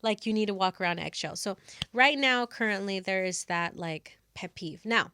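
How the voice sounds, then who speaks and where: A woman's voice: medium pitch, moderate pace, bright, forceful tone, smooth, dry recording, studio quality. A woman co-hosting a podcast in casual chat, talking in rambling runs full of fillers and restarts. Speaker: podcast co-host.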